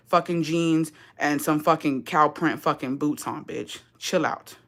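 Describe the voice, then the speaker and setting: A woman's voice: low-pitched, fairly bright tone. Profane ranting woman. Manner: profane, sarcastic, switching between English and Spanish. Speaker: live-stream vlogger. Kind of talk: heated rant on a livestream.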